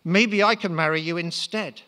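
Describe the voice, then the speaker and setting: A man's voice: sits high, moderate pace, bright, forceful tone, pitched above the performer's own voice. A man voicing a feckless, self-important young Russian nobleman who speaks grandly. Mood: grandiose.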